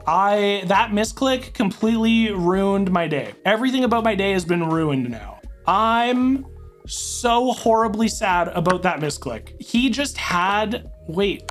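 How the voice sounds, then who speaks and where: A woman streams her own online chess game, thinking aloud move by move and breaking into dramatic outbursts. Her medium-pitched voice is expressive and moderately paced, with soft music in the background.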